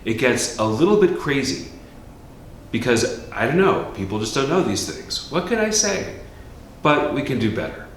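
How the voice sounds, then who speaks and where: A priest teaching how to chant a gospel, explaining casually and breaking into sung chant. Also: male voice, big pitch swings, moderate pace, recorded from a distance. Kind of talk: informal chant lesson. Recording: very echoey room, faint rumble.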